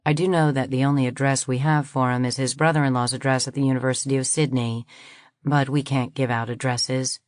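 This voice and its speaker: A woman's voice: extremely low pitch, little pitch movement, brisk, no room sound, clean studio sound. A woman voicing a courteous young woman officer answering a call for an airline. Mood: polite.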